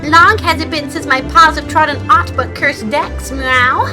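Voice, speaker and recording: A woman's voice: high voice, unhurried, over music, voice pushed up. A woman voicing a curious cat that speaks in old-fashioned sailor phrasing and adds a meow. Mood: wistful.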